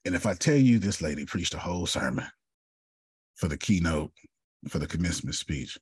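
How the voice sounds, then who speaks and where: Speaking animated and brisk, a man leading a group session tells personal stories in a relaxed, conversational motivational talk, addressing listeners by name. His voice is very deep and somewhat husky, he frequently clears his throat, and the close recording is dry.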